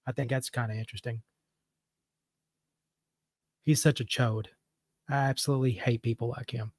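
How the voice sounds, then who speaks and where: A man's voice: medium pitch, fairly even intonation, moderate pace, no room sound, studio quality. A man calling in to a show and ranting heatedly, swearing freely. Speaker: caller. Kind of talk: casual call-in rant.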